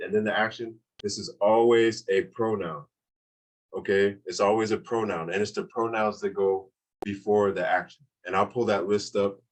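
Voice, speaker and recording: A man's voice: on the low side, low-quality recording. A man teaching a beginners' language class online, explaining grammar in a casual way, often repeating points and checking in with "okay?".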